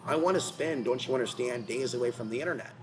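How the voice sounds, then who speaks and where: A man's voice: mid-range voice, quick pace, noisy background. A man hosting his own channel, ranting in an agitated, repetitive, confrontational way, apparently while in a car. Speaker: channel host. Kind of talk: rambling commentary rant.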